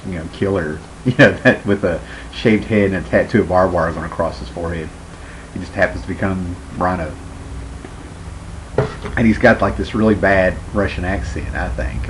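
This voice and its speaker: A man's voice: sits low, noisy background. A man giving a casual, rambling movie review, full of "you know" fillers and frequent chuckles.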